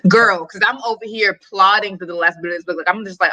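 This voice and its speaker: A woman co-hosting a casual reading livestream, animated and opinionated, with sudden bursts of exclamation. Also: mid-range voice, a little fast, no echo, poor audio. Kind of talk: casual chat.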